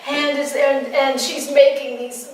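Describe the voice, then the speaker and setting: A woman's voice: sits high, unhurried. A woman in her sixties, a midwife, telling stories at a workshop and laughing often. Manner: laughs often, lively storyteller. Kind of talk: storytelling talk at a workshop. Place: room at a workshop with listeners. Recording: very echoey room, distant mic, noisy.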